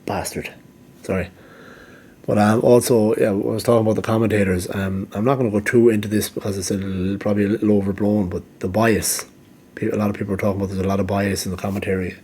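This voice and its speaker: A man's voice: lowish voice, flat delivery, fast talker, warm tone, breathy edge. A man giving rambling casual commentary, full of ums and restarts, and he is losing his voice. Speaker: MMA vlogger.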